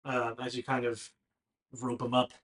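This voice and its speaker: A game master narrating a tabletop game in a relaxed, hesitant way with many fillers. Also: mid-range voice, moderate pace, slight background noise.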